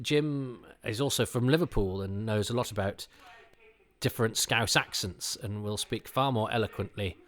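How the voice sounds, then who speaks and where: A middle-aged man talks through an old television episode as a podcast host, eager and digressive. His voice sits a little low. He stumbles over restarts and fillers as he chases one tangent after another.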